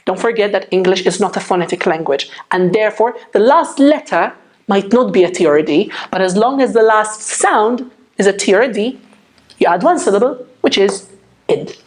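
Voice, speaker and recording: A woman teaching English pronunciation in a patient, clear classroom manner, checking in with her viewers often. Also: mid-range voice, lively intonation, moderate pace. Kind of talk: slow, clear classroom explanation.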